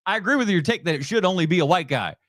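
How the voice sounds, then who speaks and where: A man's voice: high-pitched, expressive, very fast, fairly bright tone, dry recording, clean studio sound. A man hosting a movie podcast, reacting bluntly and sarcastically to clips and laughing often. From United States. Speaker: podcast host. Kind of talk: reacting to videos on a live stream.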